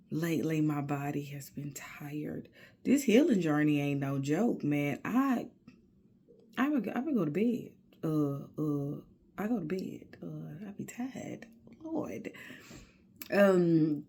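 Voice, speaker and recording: Slow, gravelly-voiced woman journaling. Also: deep voice. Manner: slow, reflective, with soft near-whispered asides; casual, with many fillers and spiritual musing. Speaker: video diarist. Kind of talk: personal video journal.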